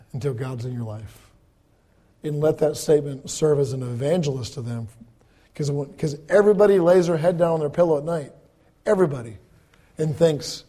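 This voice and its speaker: Mellow-voiced man preaching a sermon. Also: moderate pace. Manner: conversational preaching, repeats words, swings between loud emphasis and soft lows. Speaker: pastor.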